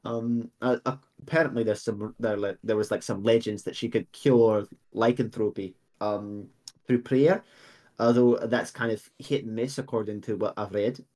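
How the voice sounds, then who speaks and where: A man's voice: fairly low pitch, fairly even intonation, normal speed, darkish tone, voice pushed down, lightly acted. A man voicing an elderly female earth genasi apothecary, rambling and hesitant with many fillers. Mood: chattering.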